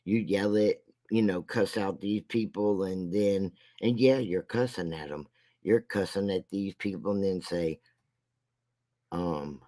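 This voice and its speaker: Slow, low-voiced man ranting. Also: dark tone. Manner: slow, rambling and mocking, with halting restarts. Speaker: commentary vlogger. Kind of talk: casual commentary rant.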